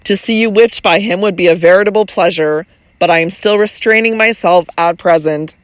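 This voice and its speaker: An audiobook reader voicing an imperious, teasing young noblewoman who speaks calmly and with control. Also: fairly low pitch, fairly quick, no echo, close to an everyday voice. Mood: cold. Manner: cool and commanding, then playful. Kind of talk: audiobook reading.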